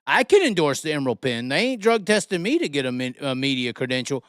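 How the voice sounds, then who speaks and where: A man's voice: fairly high pitch, big pitch swings, fast, a bit bright, no echo, clean studio sound. A man hosting a casual live talk show, rambling and joking with a profane streak. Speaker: host.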